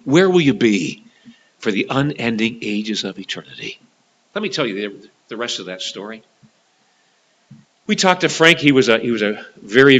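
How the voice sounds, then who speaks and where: A male preacher tells a story in an earnest way. His voice is bright and forceful, and he repeats phrases as he builds to emphatic points about eternity. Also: medium pitch, poor audio. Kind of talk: gospel sermon with storytelling.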